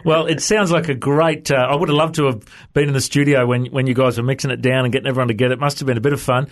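A man's voice: mid-range voice, fairly even intonation, very fast. A man hosting a radio show, chatty and jokey in a casual interview. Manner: chatty, jokey, says "mate" a lot. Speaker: radio host.

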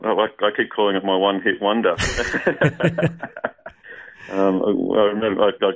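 A man's voice: on the low side, measured pace, fairly bright tone. An Australian man, a musician, talking in a casual radio interview, hesitant with many restarts and fillers. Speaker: musician guest. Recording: tinny phone line.

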